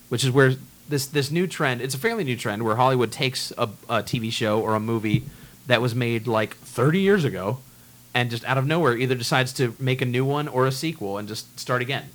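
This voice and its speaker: A man hosts a casual movie chat with a mid-pitched voice. He rants bluntly about films and swears freely. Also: fairly quick. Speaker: podcast host.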